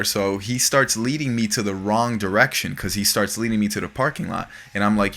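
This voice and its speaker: Podcast host guy telling a story, crisp bright tone, swears a lot, super animated. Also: lowish voice, fairly quick, few pauses. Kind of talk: casual storytelling chat.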